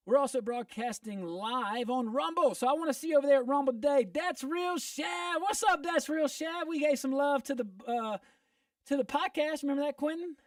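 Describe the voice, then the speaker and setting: A man hosting a casual radio talk show, upbeat and joking with quick asides. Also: very high voice, no echo, studio quality, far from the mic. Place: radio studio.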